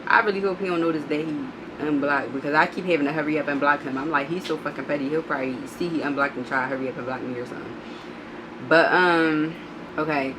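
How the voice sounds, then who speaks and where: A woman vlogger telling a storytime, blunt and profane, animated as she reads out text messages. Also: low voice, fast, noisy background. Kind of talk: storytime vlog.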